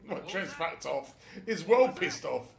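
Sweary British man with a gravelly, lively voice. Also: sits high, slow, crowd noise. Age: middle-aged. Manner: sweary, laughing, chatty running commentary. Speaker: gamer playing through a video game. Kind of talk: casual let's-play commentary. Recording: echoey room.

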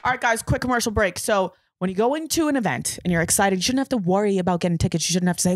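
A woman's voice: medium pitch, very fast, hardly any pauses, no echo. A young woman co-hosting a podcast, joking in casual banter and reading ads on a close mic. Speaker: podcast co-host. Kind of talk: casual chat and host-read ad.

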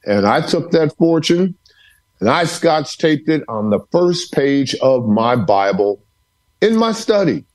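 A man's voice: fairly high pitch, sing-song, takes it slowly, a little mellow. Male podcast guest telling stories from his home study, emphatic and preacher-like in his repetition. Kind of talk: storytelling interview.

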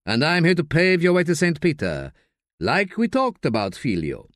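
A man voicing a solemn, formal priest, speaking in a measured way. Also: a little high, huge pitch swings, dry recording, studio quality, voice pushed up. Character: solemn older Catholic priest.

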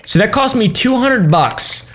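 A man's voice: very high-pitched, lively intonation, measured pace, fairly bright tone. A young man giving casual, crude, joking commentary while playing a game, swearing often. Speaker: gaming YouTuber. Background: game music.

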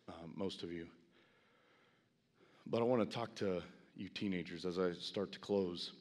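A middle-aged man preaching a sermon as pastor, folksy with self-deprecating asides, building to loud, impassioned preaching. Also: low-pitched. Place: large church sanctuary. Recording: long church hall reverb.

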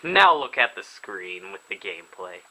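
A young man casually commenting on a video game as he plays, chatty and excitable. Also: sits low, normal speed, low-quality recording. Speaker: gaming video host. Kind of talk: casual let's play commentary. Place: indoors at home, filming himself.

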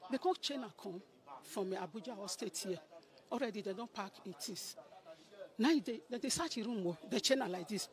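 A woman's voice: medium pitch, moderate pace. Nigerian woman telling her story with animation. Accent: Nigerian Pidgin English. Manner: animated storytelling, acting out what others said. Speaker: person giving a testimony. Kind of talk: emotional spoken testimony.

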